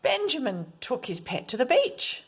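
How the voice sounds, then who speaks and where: A woman reading a children's picture book aloud, expressive, at times dropping to a whisper. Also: high voice, unhurried, background noise. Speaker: storyteller.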